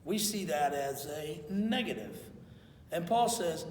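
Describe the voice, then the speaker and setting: A man's voice: high voice, lively intonation, a little slow, distant mic, a little hiss or hum. A man preaching a conversational sermon as pastor in a church, acting out quotes as he goes. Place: church sanctuary. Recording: echoey hall, voice from afar.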